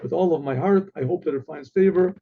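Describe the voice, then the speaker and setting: A man's voice: on the high side, brisk, gravelly, narrow, tinny audio, a little hiss or hum. A man voicing a humble male painter who speaks politely and formally.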